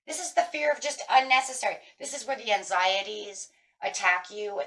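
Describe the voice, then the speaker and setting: A woman's voice: mid-range voice, moderate pace, fairly bright tone. A middle-aged woman giving a chatty, casual tarot reading, breaking into anxious inner voices. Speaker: tarot reader.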